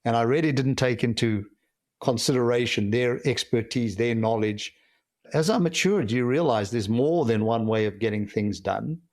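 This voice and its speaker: A middle-aged man from South Africa with a South African accent, a company founder giving measured, reflective interview answers with frequent pauses. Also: mid-range voice, darkish tone, dry recording, clean studio sound. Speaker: guest, company founder and CEO.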